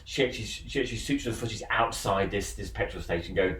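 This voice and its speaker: A man's voice: on the low side, quick pace, fairly bright tone. A man hosting a film podcast, retelling a plot in a rambling way with many restarts. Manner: rambling, repeats words and restarts. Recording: roomy, distant mic with faint noise.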